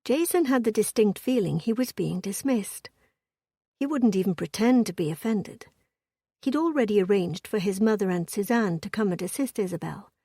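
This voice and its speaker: A woman narrating a period romance audiobook in an even, measured storytelling voice. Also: mid-range voice, husky, no echo, studio quality.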